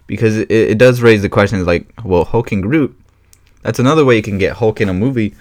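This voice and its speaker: A man hosting his own podcast in a casual solo chat, rambling and excitable with many fillers and restarts. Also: on the low side, fairly quick, dry recording, clean studio sound. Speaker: podcast host.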